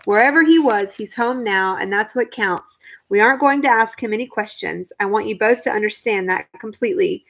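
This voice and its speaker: A woman's voice: medium pitch, a little fast, gravelly, hardly any pauses, fairly bright tone, poor audio. A woman reading the part of a worried, caring mother with three children. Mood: firm.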